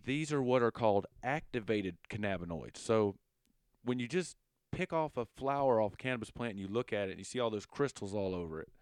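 A man with a Southern accent giving a casual lesson, relaxed and full of fillers, stumbling over long chemical names. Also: medium pitch, clean tone, no room sound, clean studio sound. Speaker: educator.

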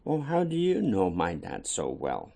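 Man doing a small earnest boy in a read-aloud poem, gravelly undertone. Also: sits low, huge pitch swings, a little slow, dark tone, pitched below the performer's own voice, full character voice. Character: small polite boy asking Santa for a toy.

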